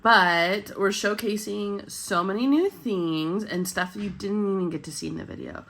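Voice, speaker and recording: A woman hosting her budgeting channel in casual chat, upbeat and chatty, her voice husky with morning voice and a coming cold. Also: medium pitch, measured pace, a bit bright.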